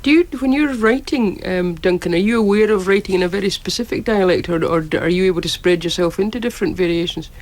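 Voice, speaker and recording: A woman hosting a radio phone-in panel, brisk and steering the conversation. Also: on the low side, a little mellow. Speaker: radio host.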